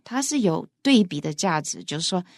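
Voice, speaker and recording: A woman's voice: fairly low pitch, big pitch swings, fairly quick, no room sound, studio quality. A woman co-hosting an English lesson, explaining word stress and mixing English with Mandarin. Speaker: co-host English teacher. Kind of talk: bilingual radio English lesson.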